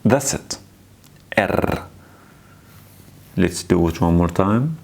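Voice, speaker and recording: A man's voice: low-pitched, animated, measured pace, creaky, darkish tone. A man teaching a language lesson, explaining in simple sentences and repeating each sound and word several times for learners to echo. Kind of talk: slow, patient alphabet lesson.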